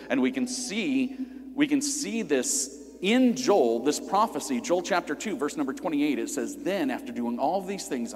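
Lively preaching man in echoing hall. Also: on the high side. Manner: lively, conversational teaching with many asides. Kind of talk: sermon. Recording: long hall reverb.

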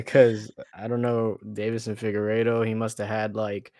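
A man's voice: on the low side, completely flat delivery, unhurried, a little mellow, no room sound, clean studio sound. A man chatting casually about a fight, laughing often as he talks. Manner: laughs often while talking. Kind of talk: casual sports chat.

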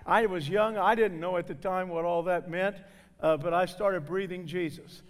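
A man from southern Indiana preaching a sermon to a congregation, loud and exclaiming, with folksy jokes. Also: high-pitched, steady tone, normal speed. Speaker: guest preacher. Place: church sanctuary. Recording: reverberant hall.

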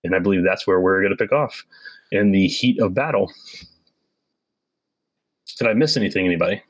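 Low-voiced man running a tabletop game. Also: a little fast, dry recording, poor audio. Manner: casual, hesitant with many fillers. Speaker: game master. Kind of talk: narrating a tabletop game recap.

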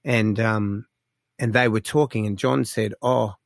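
A man with a gravelly, fry-edged voice tells stories as an interview guest. He talks casually and gets animated, with lots of fillers, and the sound is dry and close. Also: lowish voice, measured pace, no room sound. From Australia. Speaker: guest musician.

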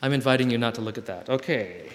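A man giving a gentle, reflective spiritual talk to a camp group, with playful asides, and reading old letters aloud. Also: mid-range voice, quick pace, a little hiss or hum. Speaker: camp speaker. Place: hall with long reverb. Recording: live talk in a reverberant hall.

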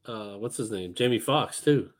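A man's voice: fairly low pitch, normal speed. A man in a casual movie conversation, laid-back and prone to trailing off.

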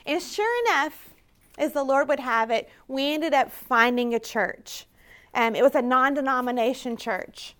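High-voiced woman sharing her testimony. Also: measured pace, fairly bright tone. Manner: earnest storytelling with quoted prayers. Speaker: conference speaker. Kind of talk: personal testimony talk.

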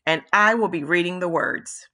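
A tall bearded announcer opening a spelling bee in a measured, formal newscaster style, as a woman reads him. The voice sits low and slow, with a bright, clear edge. This is storybook narration.

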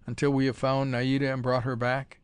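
A man reading an audiobook, voicing a bold young male adventurer in a firm, steady way close to his own voice. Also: medium pitch, fairly quick, clear, resonant tone, no room sound, lightly acted. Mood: resolute.

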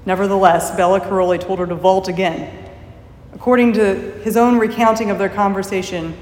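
A woman preacher giving a sermon, telling a story in a measured, reflective way. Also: medium pitch, steady tone, a little mellow, slight background noise. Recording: echoey hall with long reverb.

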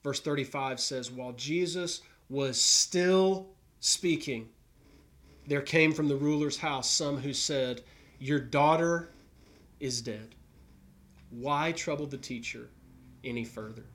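A man's voice: mid-range voice, slow pace, a bit bright. A man preaching an Easter sermon, telling a Gospel story earnestly and voicing the characters' thoughts. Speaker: pastor. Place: New York.

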